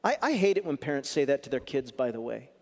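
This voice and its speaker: A male pastor preaching a sermon in a church, moving between loud punchy lines and soft, earnest asides as he tells a story. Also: medium pitch, sing-song, fast talker, big-room sound.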